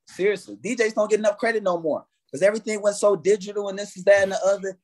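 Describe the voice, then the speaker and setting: A man's voice: sits high, fast talker, hardly any pauses, a little mellow. A man, a guest artist telling stories in a casual interview, swearing freely and acting out his own past reactions. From United States.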